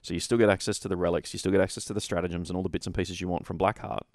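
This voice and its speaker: A man's voice: sits low, flat delivery, racing, dry recording, studio quality. A man co-hosting a casual tabletop wargaming chat, rambling and opinionated, often correcting himself mid-sentence. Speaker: podcast co-host.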